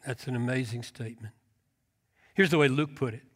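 A man's voice: mid-range voice, fairly quick, fairly bright tone. A man preaching a sermon, emphatic, quoting scripture with rising intensity. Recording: long hall reverb.

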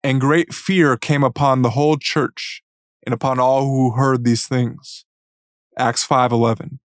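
A man giving a solemn, measured devotional reading in an earnest tone. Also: mid-range voice, no echo, clean studio sound. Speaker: Christian writer.

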